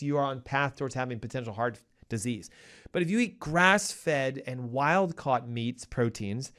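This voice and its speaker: A man hosting a health advice show, talking emphatically and punchily straight to his listeners. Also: a little high. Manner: acts out a panicking cardiologist in a raised voice. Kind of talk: energetic health advice talk.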